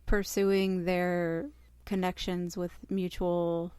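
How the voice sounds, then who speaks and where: A woman's voice: fairly low pitch, flat delivery, warm tone, clean tone, dry recording. A woman co-hosting a casual podcast chat, frank and teasing with the others. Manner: teasing, frank, quick to laugh along. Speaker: podcast co-host.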